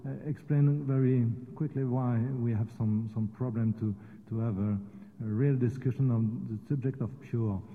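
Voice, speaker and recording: A man with a French accent, a native French speaker, giving a hesitant conference presentation as a university vice rector. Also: medium pitch. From France. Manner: hesitant, non-native phrasing, many fillers. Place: conference room. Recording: echoey hall over a tinny phone-like line.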